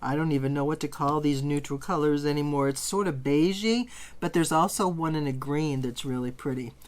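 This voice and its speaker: A middle-aged woman teaching quilting in a relaxed, chatty tutorial. She talks with bubbly enthusiasm, gushing over colors and fabrics as she goes. Her voice sits a little low for a woman. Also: a little fast. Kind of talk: casual sewing tutorial.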